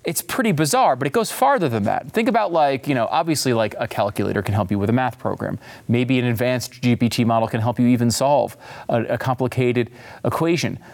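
A man hosting a show, giving excitable, rambling commentary on a tech demo. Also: medium pitch, a little fast, creaky. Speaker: host. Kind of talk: casual commentary.

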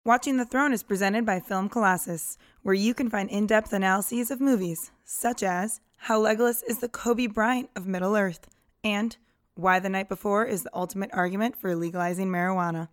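Woman, scripted sponsor read, dry close sound, brisk delivery. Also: mid-range voice, dry recording. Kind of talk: read ad spot.

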